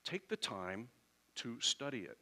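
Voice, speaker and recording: A man's voice: medium pitch, big pitch swings, measured pace, pushed and bright. A man preaching a sermon as pastor, talking in a conversational way and briefly acting out little quoted exchanges with the congregation.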